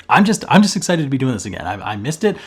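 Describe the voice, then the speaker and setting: A man hosting a casual vlog at home, joking and talking fast in a theatrical, self-mocking way. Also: medium pitch, very animated, slightly rough. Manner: hammy, playful, fast-talking. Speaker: cross-stitch vlogger host. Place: at home, indoors. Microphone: camera facing him while seated.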